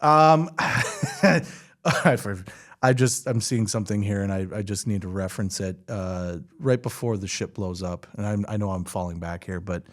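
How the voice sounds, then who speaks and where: Animated man recapping a movie. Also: fairly low pitch, normal speed. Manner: animated, swears often, laughs while retelling scenes. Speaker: podcast host. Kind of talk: casual movie recap chat.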